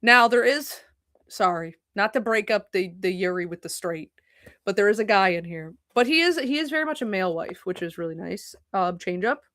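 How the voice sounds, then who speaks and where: A woman's voice: medium pitch, moderate pace, no echo, studio quality. A young woman streamer chatting casually at her computer, rambling and swearing as she talks. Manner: rambling, profane and animated. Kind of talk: casual chat. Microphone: desk mic at a computer.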